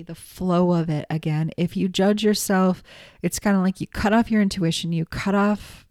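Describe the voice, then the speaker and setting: A chatty middle-aged woman with a low, mellow voice, talking candidly and swearing now and then. She acts out quotes as she tells her story. The sound is dry and close. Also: no echo. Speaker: psychic medium teacher. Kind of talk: casual teaching talk with anecdote.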